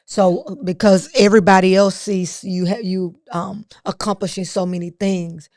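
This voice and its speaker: A woman's voice: mid-range voice, level tone, normal speed, darkish tone, no echo. A woman co-hosting a podcast who speaks in a reflective, encouraging tone in casual chat. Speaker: podcast co-host.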